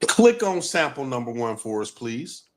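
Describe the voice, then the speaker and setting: A man's voice: medium pitch, very animated, moderate pace. A man hosting a casual live stream, talking to viewers and repeating his main points for emphasis.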